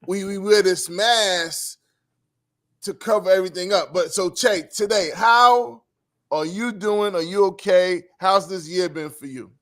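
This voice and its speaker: A man hosting a casual interview, slangy and laid-back, animated when he gets going. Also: high voice, a little slow. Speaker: podcast host.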